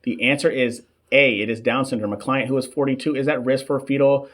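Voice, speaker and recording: A man in his thirties, hosting a live question session for nursing students. He talks in a loose, chatty way, answers the chat between questions, and stumbles over long drug names. His voice sits at an ordinary middle pitch. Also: level tone, fairly quick. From United States. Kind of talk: casual live-stream teaching. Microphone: desk microphone.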